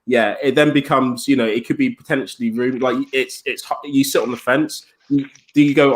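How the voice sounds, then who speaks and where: A man talks quickly in a loose podcast discussion. He swears freely and slips into little voices for the people he quotes. His pitch sits mid-range. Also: steady tone, low-quality recording. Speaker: podcast co-host. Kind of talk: casual group chat.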